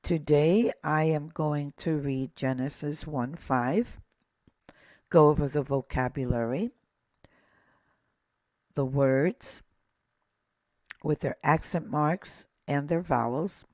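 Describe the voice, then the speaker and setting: A patient teacher speaks slowly and methodically, pointing out details one at a time. The voice sits close and dry, with no room sound. Small pauses and fillers break up the explanation. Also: medium pitch, a little mellow, dry recording. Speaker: Hebrew teacher. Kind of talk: slow lesson.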